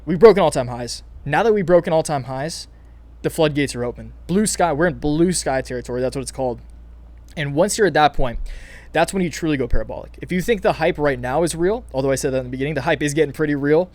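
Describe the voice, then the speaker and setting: A young man hosting casual crypto market commentary, excited and hyped, with frequent restarts and calls to "you guys". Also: fairly high pitch, fast. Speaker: crypto channel host.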